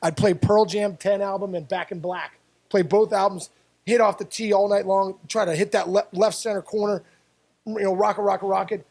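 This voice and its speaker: A man's voice: sits high, normal speed, gravelly. A man from the Pittsburgh area, a former baseball player, telling stories as a guest in an interview, full of repeats and restarts. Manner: animated storyteller, repeats words and restarts. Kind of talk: storytelling interview.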